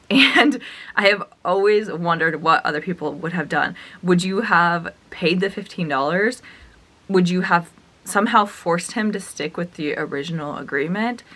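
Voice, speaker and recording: A young woman telling a storytime vlog as a reseller, chatty and animated, acting out the dialogue as she retells it. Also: on the low side. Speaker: reseller vlogger.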